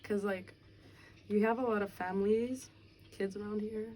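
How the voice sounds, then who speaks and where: A woman's voice: medium pitch, steady tone, moderate pace, dark tone, slight background noise. Chatty young woman who laughs a lot. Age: young adult. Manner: chatty, laughs often, hedges with fillers. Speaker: interviewee. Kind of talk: casual chat. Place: outdoors on a city street.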